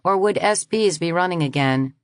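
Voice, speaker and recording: A woman narrating a science fiction audiobook in the first person, reading in a measured, even way. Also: lowish voice, smooth, no echo, studio quality.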